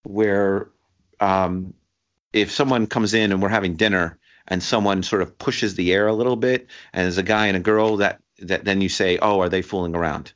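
A man with a fairly low voice tells a personal story in casual conversation. He stumbles, restarts and laughs as he goes. The recording sounds dull and lo-fi. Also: steady tone. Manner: halting, many restarts, laughs while telling. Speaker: guest sharing a story.

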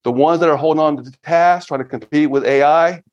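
A man in his fifties, a guest on a business podcast, talking casually and with energy, often breaking into excited quoted asides. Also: a little high, fast. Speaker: podcast guest, finance firm founder. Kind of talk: casual interview talk. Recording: slightly dull lo-fi audio.

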